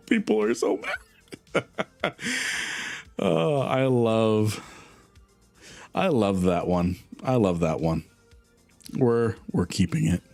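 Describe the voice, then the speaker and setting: A man streaming a game, answering chat in a relaxed, rambling way with frequent laughter. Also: on the low side, slow, long pauses, soft background music. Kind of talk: casual live-stream chat.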